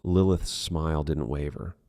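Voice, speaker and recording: A man reading an audiobook thriller in measured, dark scripted narration. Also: a bass voice, fairly even intonation, no room sound, studio quality.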